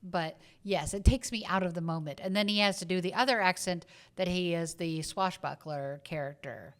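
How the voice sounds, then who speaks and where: Low, smooth woman with a subtle Southern accent. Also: normal speed. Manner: thinks aloud, many fillers and restarts. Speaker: podcast co-host. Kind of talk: casual film review chat.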